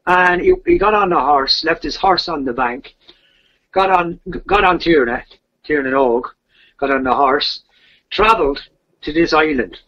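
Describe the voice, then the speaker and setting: A man's voice: on the high side, big pitch swings, a little slow, creaky, bright, forceful tone. A man telling a legend in casual, rambling talk, with repeated fillers. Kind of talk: casual storytelling. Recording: dull lo-fi podcast audio.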